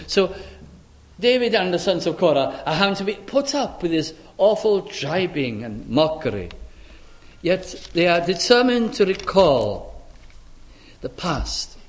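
A man preaching a sermon, expressive, acting out the voices of the people he quotes. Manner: expressive, acts out quoted voices with wide pitch swings.

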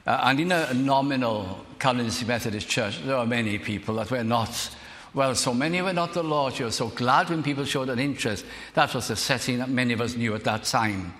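An older man from South Wales, preaching a sermon as a minister in an earnest, measured way, slowing down to dwell on phrases. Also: mid-range voice, a bit bright. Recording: reverberant hall.

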